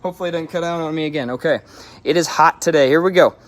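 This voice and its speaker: A man's voice: fairly high pitch, racing, echoey room, distant mic. A man who is an auto detailer, giving a live how-to demonstration outdoors in the hot sun. He is out of breath from the heat and keeps checking in with viewers as he coaches them through each step. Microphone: phone camera.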